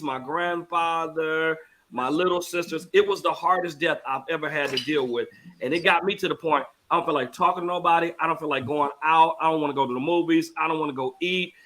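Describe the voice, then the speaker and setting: A man's voice: a little high, bright, forceful tone. A middle-aged man, a pastor hosting the show, talking earnestly and repeating phrases for emphasis. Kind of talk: emotional talk-show testimony.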